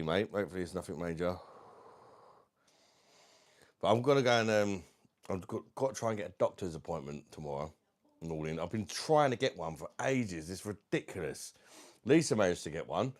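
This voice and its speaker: A man's voice: sits low, animated, a little fast. A man with a London accent, casually chatting on a livestream at home, reading out viewer comments and calling everyone mate. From South East London. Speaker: livestream host.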